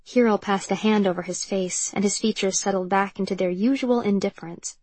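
Husky woman reading a novel. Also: medium pitch, fairly even intonation, brisk, a little mellow, no echo. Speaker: audiobook narrator. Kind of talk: scripted narration.

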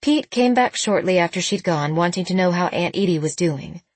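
A woman narrating an audiobook in a measured, expressive reading. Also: on the low side, no echo.

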